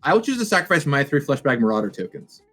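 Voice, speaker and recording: A man's voice: mid-range voice, big pitch swings, fast, fairly bright tone, faint music behind. A man at home playing a card game over a webcam call, easygoing and thinking aloud as he counts out his moves. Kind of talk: casual game-play chat. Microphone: webcam video call.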